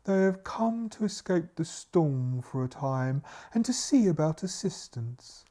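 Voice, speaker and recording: A man's voice: fairly high pitch, expressive, measured pace, dark tone, voice pushed up. A man voicing a hunchbacked male butler who speaks formally and courteously in a solo tabletop game. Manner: formal, stately speech.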